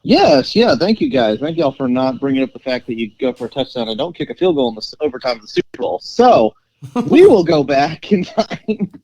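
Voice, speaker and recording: A man co-hosting a sports podcast, animated and storytelling, with plenty of fillers and laughs. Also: medium pitch, fast talker, few pauses, no room sound. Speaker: podcast co-host. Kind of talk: casual sports podcast chat. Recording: dry, slightly dull mic.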